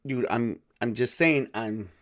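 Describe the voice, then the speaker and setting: A man's voice: medium pitch, measured pace, a bit bright, close to an everyday voice. Man voicing a sick, stammering bitten guy. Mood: queasy. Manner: stammering, shaky. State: feverish, unwell.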